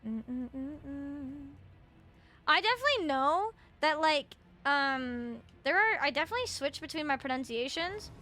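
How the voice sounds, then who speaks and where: Young woman, Canadian accent, high voice, chatty live-stream talk, swears, lots of fillers. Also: sing-song, moderate pace, few pauses, pushed and bright. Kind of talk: casual live-stream chat while gaming.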